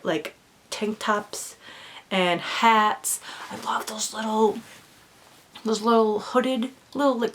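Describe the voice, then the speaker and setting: A young woman chatting casually in a doll vlog, rambling with lots of fillers and sometimes dropping to a whisper. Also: mid-range voice. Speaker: doll vlogger. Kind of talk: casual chat.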